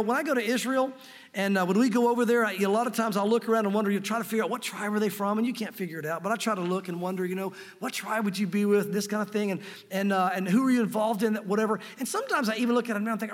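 A man preaching a sermon with earnest excitement, teaching from the Bible and reading scripture aloud. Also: extremely high pitch, in a large hall. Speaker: pastor.

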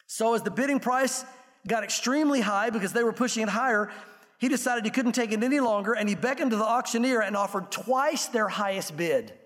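A man preaching a sermon, telling an illustration story earnestly and slowing down for the emotional parts. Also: high-pitched. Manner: earnest storytelling, slows and softens for emotional quotes. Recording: long reverb of a large room.

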